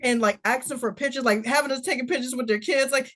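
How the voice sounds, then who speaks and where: A young woman chatting casually as a podcast guest, telling stories and quoting people in lively voices. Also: high-pitched, quick pace, hardly any pauses. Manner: animated storyteller, quotes people in lively voices. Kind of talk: casual chat.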